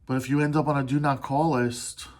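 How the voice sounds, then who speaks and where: A man hosting a solo podcast, talking in an earnest, halting way with restarts and pauses, swearing casually as he opens up. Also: mid-range voice, flat delivery, a little mellow. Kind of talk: candid solo podcast monologue.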